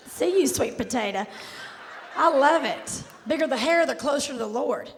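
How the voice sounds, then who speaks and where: A woman from Kentucky with a Southern accent and a raspy voice, performing a sassy stand-up set. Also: high-pitched, lively intonation, normal speed. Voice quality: raspy, hoarse-sounding voice all the time. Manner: sassy, drawling, loud bursts to the crowd. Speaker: stand-up comedian. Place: large theater stage. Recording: live stage with hall echo, faint noise.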